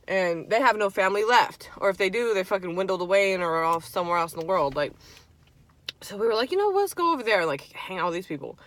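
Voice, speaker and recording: A young woman vlogger telling a spooky story in casual chat, animated and swearing freely. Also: lowish voice, quick pace. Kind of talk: casual storytime while eating.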